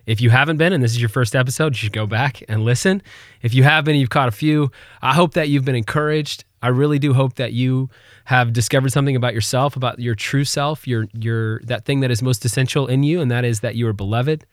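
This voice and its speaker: A man's voice: medium pitch, brisk, no echo, clean studio sound. A man hosting a podcast, telling a personal devotional story in an earnest, conversational way. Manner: earnest, conversational, animated when retelling. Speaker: podcast host.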